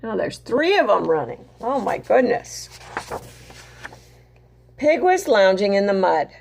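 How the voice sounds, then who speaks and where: Animated woman reading a picture book. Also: mid-range voice, a little slow, vocal fry, slight background noise. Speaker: teacher reading to children.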